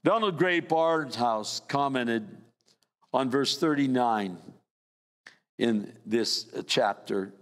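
An older man preaching a sermon as pastor, his voice swinging from raised emphasis down to low, quiet lines. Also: slow pace, long reverb tail. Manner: preaching with sweeping rises and drops in pitch.

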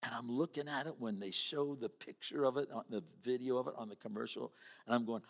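A man's voice: mid-range voice, brisk, vocal fry. A man preaching a sermon in a conversational way, acting out the voices of the people he quotes. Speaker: pastor. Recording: reverberant hall.

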